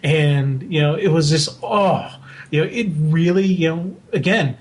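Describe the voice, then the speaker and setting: Higher-voiced man rambling heartfeltly on a podcast. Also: unhurried. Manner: heartfelt, rambling, full of asides. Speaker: podcast co-host. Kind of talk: casual fan podcast discussion.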